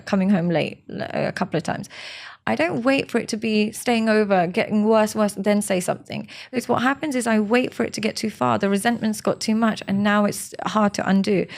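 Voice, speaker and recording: A woman's voice: medium pitch, vocal fry. A woman speaking as a relationship expert in an interview, explaining with examples and acted-out quotes, stressing points by repeating words. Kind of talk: advice interview.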